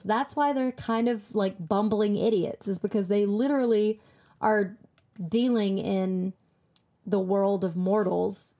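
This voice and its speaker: A woman co-hosting a casual TV recap chat, animated and acting out quoted lines. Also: medium pitch, a little slow, vocal fry. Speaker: podcast co-host.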